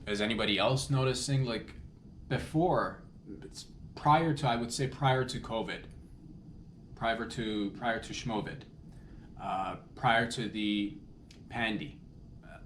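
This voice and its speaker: A man's voice: lowish voice, slow pace, pauses often. A Canadian man hosting a comedy podcast, rambling through a loose solo monologue with lots of restarts and jokey asides. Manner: meandering, self-correcting, loose and jokey. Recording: echoey room with faint noise.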